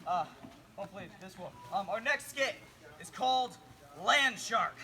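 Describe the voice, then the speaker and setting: A man's voice: sits high, animated, moderate pace, bright, forceful tone. A man announcing and acting in campfire skits, giving orders with stumbling repetitions. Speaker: skit announcer and performer. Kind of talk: campfire skit. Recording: noisy outdoor recording.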